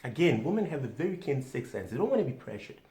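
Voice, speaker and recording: Theatrical man, swinging loud to whispered. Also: mid-range voice, very animated, fast. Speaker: comedic self-styled sex-advice doctor. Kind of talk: mock instructional monologue. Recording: echoey room.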